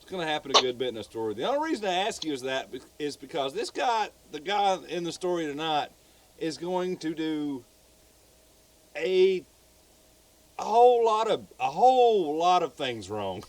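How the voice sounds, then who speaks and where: A man's voice: a little high, very animated, normal speed, a crowd in the background. A man with a Southern US accent, co-hosting a podcast and casually telling a true crime story. He rambles, repeats words and swears freely.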